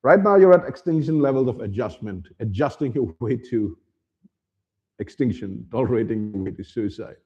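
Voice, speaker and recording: Male host, opinion monologue, swooping lively delivery, dull lo-fi recording. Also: medium pitch, moderate pace. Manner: animated, slips into mocking voices, calls himself by name. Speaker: channel host.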